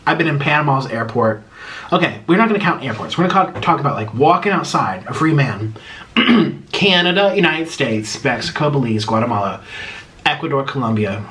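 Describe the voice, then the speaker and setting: A man's voice: mid-range voice, lively intonation, brisk, fairly bright tone. A man vlogger eating on camera and rambling emotionally through fan questions in casual chat.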